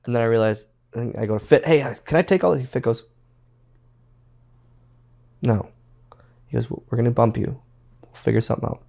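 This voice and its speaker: A man's voice: mid-range voice, flat delivery, normal speed, vocal fry, pauses often, warm tone. A man, a former pro wrestler, telling stories as a guest in a casual interview, rambling and repeating words as he quotes others.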